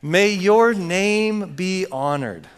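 A man's voice: high voice, lively intonation, very slow, clean tone. A man preaching a sermon as pastor, emphatic and joking with his congregation.

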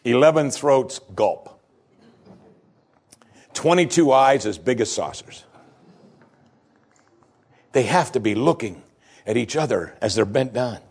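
A male preacher with a gravelly, husky voice retells a scripture story as a dramatic sermon. His pitch leaps and falls as he builds scenes, and he says the key lines twice for emphasis. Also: slow pace, pauses often. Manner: dramatic storytelling, swinging from hushed to excited.

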